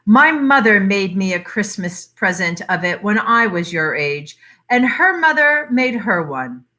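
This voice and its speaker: A woman's voice: medium pitch, very animated, unhurried, pushed and bright. A woman voicing a sly old country aunt. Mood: confiding. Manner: knowing, chuckling, broad dialect. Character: sly old deaf-feigning aunt, dialect-speaking.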